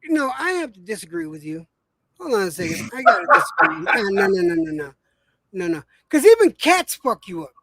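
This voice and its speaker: A man's voice: high-pitched, very animated, fairly quick, sharp tone. A man from New Mexico hosting a casual, profane, argumentative chat. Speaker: host.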